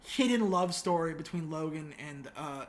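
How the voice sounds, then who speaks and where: A woman's voice: sits low, expressive, moderate pace. A woman podcast host recapping a movie in casual chat, wry and sarcastic, with lots of filler words.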